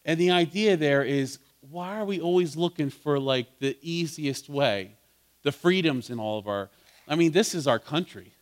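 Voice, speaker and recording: A man leading a Bible study in an interactive sermon style. His voice sits a little higher than most. He talks casually with his listeners, asks them questions, and rises to fervent emphasis on key points. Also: animated, moderate pace. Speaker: pastor teaching a Bible study.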